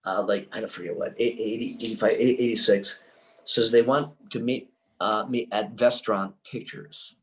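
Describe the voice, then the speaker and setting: An older man, a filmmaker guest in an interview, telling a long anecdote in an excitable, rambling way full of restarts. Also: on the low side, normal speed, slight background noise, rough recording.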